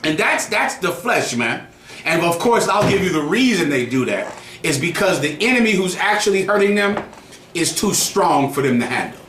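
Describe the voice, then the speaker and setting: A man's voice: a little high, sing-song, normal speed, fairly bright tone, reverberant, slight background noise. A man preaching to a group in a heated, mocking way, swearing freely. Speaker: group teacher. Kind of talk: street preaching.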